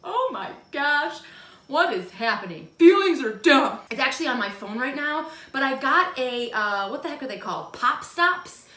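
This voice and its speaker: Midwestern woman in her thirties, chatty home vlogger, a bit high, roomy sound. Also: sing-song, moderate pace, pushed and bright. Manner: chatty, self-deprecating, bursts into silly high voices. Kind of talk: casual monthly favorites vlog. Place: home room. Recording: echoey room.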